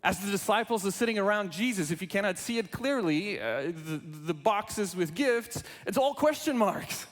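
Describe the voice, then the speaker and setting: A man's voice: high voice, moderate pace, hardly any pauses, big-room sound, faint music behind. A man preaching a sermon as a pastor, reading scripture and then talking playfully with the congregation in a large church. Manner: animated, playful, invites the congregation to join in.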